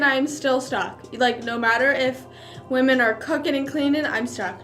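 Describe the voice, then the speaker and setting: A young woman rambles through a casual mukbang chat, heavy on fillers and talking around bites of food. Her voice sits a little high for a woman. Soft music plays faintly underneath. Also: normal speed. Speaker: streamer.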